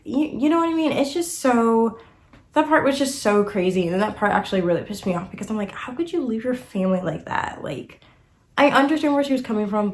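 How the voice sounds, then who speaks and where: A young woman casually reviewing books, emotional and animated, full of fillers like "like" and "you know.". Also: medium pitch. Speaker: book reviewer. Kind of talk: casual book review chat.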